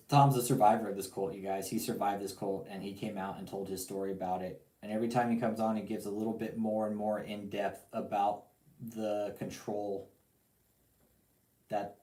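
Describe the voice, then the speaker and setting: Man, talk show host, profane slangy rant, mellow dark tone, roomy echoey recording. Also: on the low side. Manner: profane, animated ranting with lots of slang. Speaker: podcast host. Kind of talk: casual call-in talk show.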